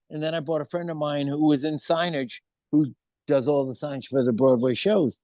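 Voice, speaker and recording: Older american guy telling a story, does the voices, swears a lot, voice on the higher side, dry recording. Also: normal speed, dry recording. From United States. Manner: animated storyteller acting out quoted voices, swears freely. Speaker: interview guest. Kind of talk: casual anecdote telling.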